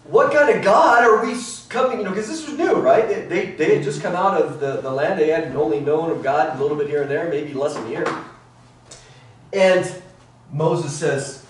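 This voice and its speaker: A middle-aged man leads a church Bible class with an animated delivery, acting out quotes. His voice sits high and swings widely in pitch. He is picked up from a distance in an echoey church room, with faint noise underneath. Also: normal speed. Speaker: Bible teacher. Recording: roomy echo, mic at a distance, faint noise.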